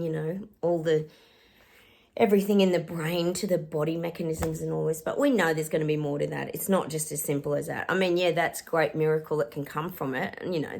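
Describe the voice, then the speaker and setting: Chatty woman with a cough. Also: low-pitched. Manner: chatty, lots of "um" and "guys", laughs often. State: coughing, slightly hoarse. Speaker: psychic YouTuber. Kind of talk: casual chatty vlog. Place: home living room.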